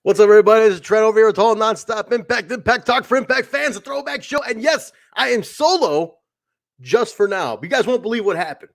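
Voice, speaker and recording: A man's voice: sits high, expressive, fast talker. Chatty rambling male podcast host. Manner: rambling, lots of fillers and restarts; acts out other people's lines in an anecdote. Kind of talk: casual solo podcast chat.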